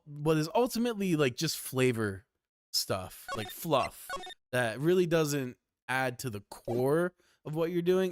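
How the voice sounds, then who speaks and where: A man's voice: medium pitch, slight background noise. A Canadian man giving loose, profane commentary over a game playthrough, laughing often and rambling. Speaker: game streamer.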